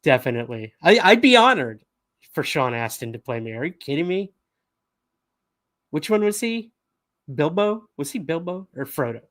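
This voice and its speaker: A man's voice: a little high, very animated, moderate pace, pauses often, a bit bright, no echo, clean studio sound. A man hosting a news livestream, talking casually with fillers and laughs. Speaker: podcast host.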